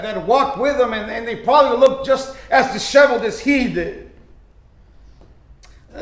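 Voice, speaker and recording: A man's voice: high voice, a bit bright. A male pastor preaching a sermon with fervor, often restarting his sentences and acting out quoted lines. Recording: echoey room.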